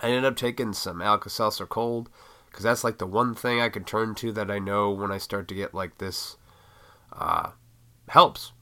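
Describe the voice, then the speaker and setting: A man with a cold, his voice raspy, hosting a solo podcast and ranting in a heated, profane way. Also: on the low side, fairly even intonation, moderate pace, sharp tone. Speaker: podcast host.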